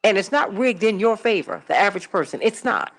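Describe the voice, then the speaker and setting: A woman's voice: medium pitch, expressive, fairly quick. A middle-aged woman from Chicago hosting a call-in radio show, telling a personal story emphatically and repeating herself for stress. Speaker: radio talk show host.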